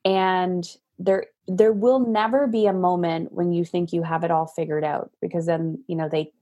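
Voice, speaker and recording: A woman in her thirties or forties, a parenting coach, talking frankly and telling animated stories as a guest in a casual interview over a video call. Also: lowish voice, moderate pace. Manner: frank, animated storytelling with restarts.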